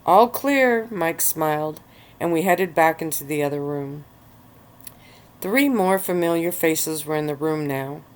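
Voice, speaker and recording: A woman relaxing on a bed of pillows, reading her own story aloud in a relaxed ASMR-style narration. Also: low voice, measured pace.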